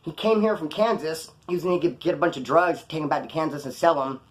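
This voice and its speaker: Man, vlogger, quick pace, casual storytelling, profane, slangy, rambling. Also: fairly high pitch. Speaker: vlogger telling prison stories.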